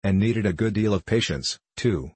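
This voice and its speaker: A man reading a children's storybook aloud in a measured, even narration. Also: fairly low pitch, breathy edge, no echo. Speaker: audiobook narrator.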